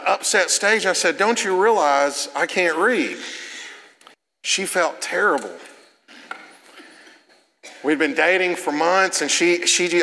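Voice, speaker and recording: A man preaching a sermon in a church, telling stories in a chatty, self-deprecating way with quick asides. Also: high voice, pushed and bright. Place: church sanctuary. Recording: long hall reverb.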